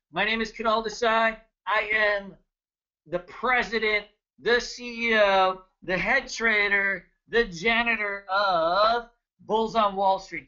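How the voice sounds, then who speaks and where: A man in his thirties with a high, piercing, bright voice hosts a live trading webinar, full of jokes and quick greetings to viewers. The sound is dull and lo-fi, like a computer mic. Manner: energetic, joking, chatty, greets viewers by name. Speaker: trading educator hosting a webinar. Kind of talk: casual live webinar talk.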